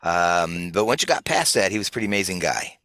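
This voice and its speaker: Low, bright-toned male guest, dry sound. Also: lively intonation, fast, no room sound. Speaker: interview guest, corps director. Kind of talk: casual interview chat.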